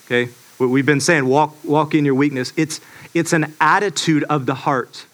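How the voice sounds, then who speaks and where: A man preaching a sermon in a relaxed, storytelling way, full of fillers and restarts. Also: fairly high pitch, moderate pace. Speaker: pastor.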